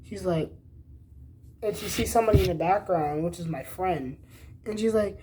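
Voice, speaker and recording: A man's voice: high voice, moderate pace, a little hiss or hum. A young man casually telling a story, swearing a lot and acting out both sides of the conversation. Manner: profane, animated retelling with quoted dialogue.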